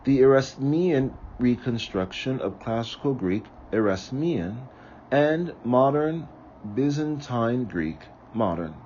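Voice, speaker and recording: A man reading aloud from a book, slowly and carefully, sometimes correcting himself. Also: mid-range voice, darkish tone, muffled recording, a little hiss or hum. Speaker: reader of a book on ritual.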